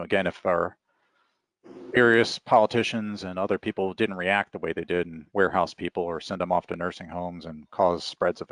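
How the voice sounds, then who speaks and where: A middle-aged man with a very low voice and a gravelly rasp, talking easily as an interview guest. He tells his stories in a relaxed, rambling way. The sound is dry and close. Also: no room sound. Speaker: author guest. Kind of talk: casual interview talk.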